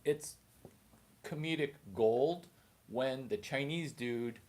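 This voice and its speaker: A man, a stand-up comedian, rambling through a comedic monologue in an animated, jumpy way. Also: mid-range voice, slow pace.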